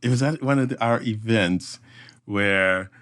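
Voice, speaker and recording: A man telling an animated story as a podcast guest, acting out voices and sound effects as he goes. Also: fairly low pitch, a little slow. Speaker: obstacle race emcee, podcast guest.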